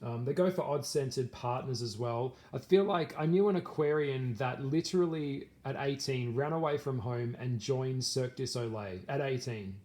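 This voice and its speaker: A man talks casually to his viewers in a middle-pitched voice. He rambles, trails off and restarts his sentences, and fills the gaps with "um" and "like". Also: normal speed, few pauses, dark tone. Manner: rambling, with many fillers and restarts. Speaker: vlogger. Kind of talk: casual talk to camera.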